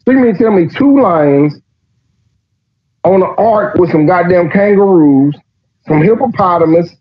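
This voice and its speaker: A man's voice: high voice, animated, unhurried, a little hiss or hum. A man, podcast host, reading scripture aloud and mocking it in a casual, profane way. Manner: profane, mocking, reads passages aloud then riffs. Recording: dull lo-fi recording.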